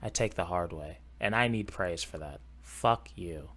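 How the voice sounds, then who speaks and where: A man's voice: deep voice, unhurried, fairly bright tone. A man hosting a reaction stream, talking crudely and mockingly with lots of swearing. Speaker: streamer host. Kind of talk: casual reaction stream chat.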